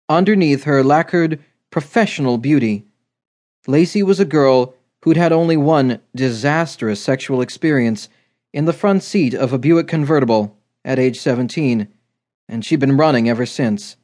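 A man reading a romance novel aloud in steady, measured scripted narration. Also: medium pitch. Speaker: audiobook narrator.

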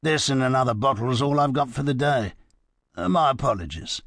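A man's voice: mid-range voice, lively intonation, a little fast, a bit bright, no echo, studio quality, voice pushed up. A man playing a talkative middle-aged barman with a wry, confiding manner.

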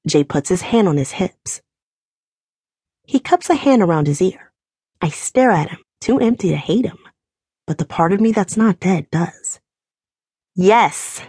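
A woman narrating a first-person romance audiobook with an emotional, animated reading. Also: lowish voice, husky, no echo, clean studio sound.

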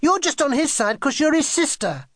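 A man's voice: medium pitch, big pitch swings, moderate pace, breathy edge, dry recording, studio quality. A man voicing a bossy, matter-of-fact older girl in a children's audiobook. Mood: reproving.

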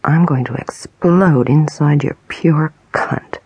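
A menacing male attacker speaks in a harsh, breathy whisper from an audiobook, with a woman narrator putting on his voice. His orders come slow and low. The recording is close and dry. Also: a little mellow, dry recording, heavily acted, rough recording. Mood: commanding. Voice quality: breathy and husky. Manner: harsh, taunting, commanding. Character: cruel menacing male attacker, young adult. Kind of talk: whispered role-play.

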